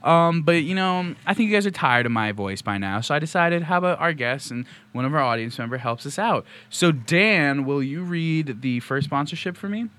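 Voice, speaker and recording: A young man hosts a casual podcast in a playful, joking way. His voice sits a little high. He sounds relaxed as he wraps up the show. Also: moderate pace, few pauses. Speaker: podcast host.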